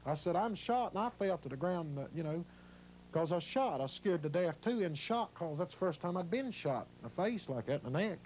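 A man's voice: a little high, expressive, a little fast, darkish tone, slight background noise, rough recording. A man with an Appalachian accent telling his own story in a rambling way, acting out what others said. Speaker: interviewee. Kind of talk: emotional first-person storytelling.

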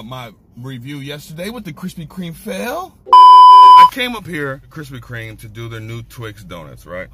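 A young man hosting a casual snack review vlog, ranting in an excitable, animated way. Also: mid-range voice, slight background noise.

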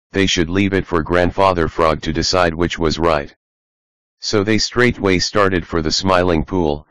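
A man narrating a children's animal storybook audiobook in an even reading manner. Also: sits low, clean tone, no echo, low-quality recording. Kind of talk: scripted narration.

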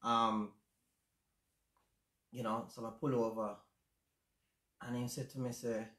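A man's voice: mid-range voice, level tone, fairly bright tone. Reflective Jamaican man on a livestream. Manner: reflective, halting, many fillers. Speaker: channel host. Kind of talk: casual livestream chat. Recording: roomy echo.

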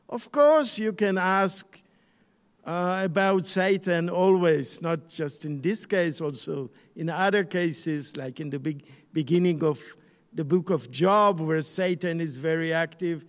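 Male scholar, high voice, slow searching delivery, long echo. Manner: slow, searching, with many pauses and restarts. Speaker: scholar lecturing on the Bible. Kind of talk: online lecture.

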